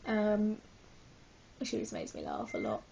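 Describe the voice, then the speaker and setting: A woman's voice: extremely low pitch, huge pitch swings, a little slow, vocal fry, warm tone, lo-fi sound, a little hiss or hum. A woman vlogging a casual book review, hyper and giggly, rambling with lots of apologetic asides.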